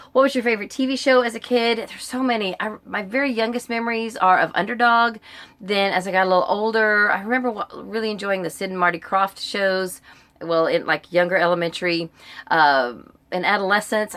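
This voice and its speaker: Chatty American woman, lowish voice. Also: fairly bright tone. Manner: chatty, rambling, frequent ums and uhs. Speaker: book vlogger. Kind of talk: casual tag video answering questions.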